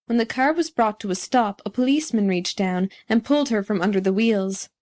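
A woman narrating a storybook audiobook in an even, clear storytelling manner. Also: on the high side.

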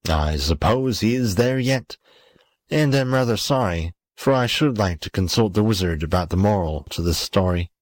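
A man narrating a classic story as an audiobook, calm and even. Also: on the low side, normal speed, no room sound.

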